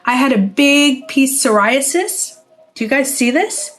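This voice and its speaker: A woman's voice: high-pitched, expressive, measured pace, a bit bright, faint music behind. A middle-aged woman, a former spa owner, talking straight to camera in a casual vlog. She is blunt, swears freely and acts out the voices she quotes.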